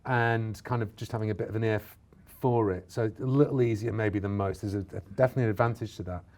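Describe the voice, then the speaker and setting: Brief: Yorkshire man, mellow low-key tone, lively self-mocking chat with lots of restarts. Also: quick pace. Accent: Yorkshire (Bradford). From Bradford, England. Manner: animated, restarts often, self-mocking asides. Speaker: actor, interview guest. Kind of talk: casual interview chat.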